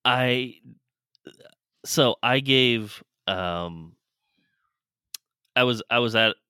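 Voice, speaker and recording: A man's voice: mid-range voice, very slow, bright, forceful tone, clean tone, no room sound, clean studio sound. A man co-hosting a podcast, telling a rambling, laughing story with swearing in casual chat. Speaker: podcast co-host.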